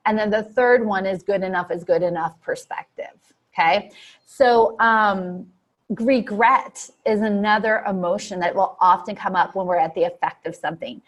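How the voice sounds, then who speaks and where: A woman who trains coaches teaches them in an online lesson, speaking at medium pitch and normal speed. She explains things steadily, uses frequent fillers, and acts out quotes from clients.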